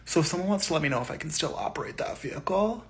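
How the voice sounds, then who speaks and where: A man talking in a dry, deadpan, wry way in a casual vlog. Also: on the high side, very fast.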